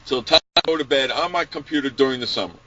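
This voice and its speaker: A man's voice: mid-range voice, very fast, sharp tone, highs cut off. A man co-hosting a radio show, teasing his partner in playful casual banter.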